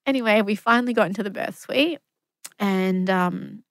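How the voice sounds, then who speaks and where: A woman's voice: medium pitch, normal speed, vocal fry, dry recording. A woman, a guest telling her story casually, acting out what others said and swearing freely. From Australia. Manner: animated storyteller, acts out quotes, swears casually.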